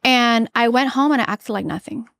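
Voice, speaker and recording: A woman with a fairly high voice tells an earnest personal story as a podcast guest. She halts often, restarting her sentences and filling the gaps with fillers. Her voice sounds dry and close to the mic. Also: normal speed, creaky, fairly bright tone, no echo.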